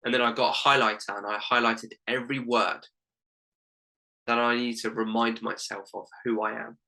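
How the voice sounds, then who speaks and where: A man's voice: on the low side, vocal fry, pushed and bright, rough recording. A young man, a life coach and podcast guest, telling a heartfelt personal story in an earnest way, full of "literally" and "like".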